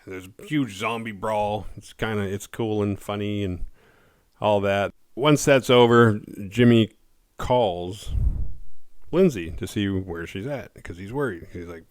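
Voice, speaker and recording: A man casually recapping a horror movie's plot, laid-back and profane, slipping into quick voices for the characters. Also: on the low side, no room sound, studio quality.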